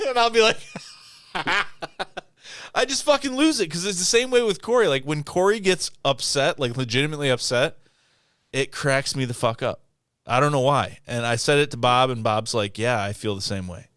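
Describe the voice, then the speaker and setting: A man's voice: a little high, normal speed, a bit bright, smooth, dry recording, studio quality. A man co-hosting a podcast, telling stories in casual chat, laughing and swearing a lot. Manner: laughing, profane storytelling. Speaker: podcast co-host.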